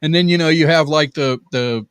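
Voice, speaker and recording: An older man co-hosting a casual live-stream chat, reading viewer comments aloud in a halting way, full of fillers and restarts. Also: a little high, fairly bright tone, smooth, dry recording.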